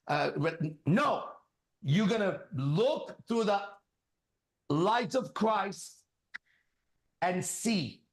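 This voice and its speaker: A man preaching as a spiritual teacher, emphatic and commanding, hammering on repeated phrases. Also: high voice. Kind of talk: preaching to a listener. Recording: echoey room.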